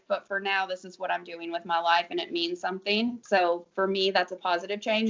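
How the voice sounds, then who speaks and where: A woman's voice: medium pitch, vocal fry, fairly bright tone. A woman co-hosting a casual heart-to-heart chat, open and earnest with frequent giggles. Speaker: co-host. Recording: dull lo-fi sound.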